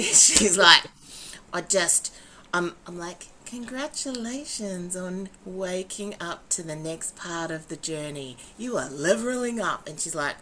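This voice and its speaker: Woman, podcast co-host, animated storyteller, low-pitched, faint background noise. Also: measured pace. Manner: animated storytelling, acting out quotes with laughs. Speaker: co-host and facilitator. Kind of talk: casual podcast chat.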